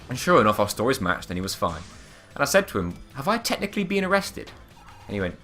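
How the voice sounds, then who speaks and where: A man's voice: lowish voice, very animated, fast, pushed and bright, soft background music. A young man telling a funny anecdote in casual chat, laughing often and acting out the people he quotes. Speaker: podcast co-host. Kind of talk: casual storytelling.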